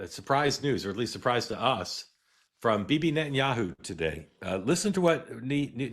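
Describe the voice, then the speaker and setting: A middle-aged man hosting a live political news show, talking in a halting way with many "uh"s and restarts. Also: fairly low pitch, fairly bright tone. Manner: halting, filler-heavy delivery with frequent "uh" and restarts. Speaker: host.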